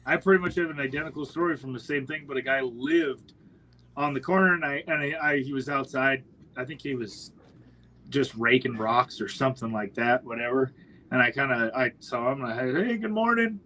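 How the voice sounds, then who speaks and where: A young man, a podcast guest, telling animated stories in casual chat and acting out the quotes. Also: medium pitch, fairly quick, rough recording. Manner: animated storyteller, acts out quotes.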